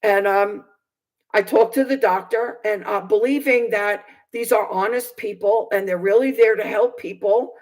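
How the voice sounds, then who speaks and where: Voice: medium pitch, steady tone, moderate pace, rough recording. A Bible teacher on a video channel telling a personal testimony, indignant and hesitant, with many fillers and restarts. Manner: aggrieved, indignant.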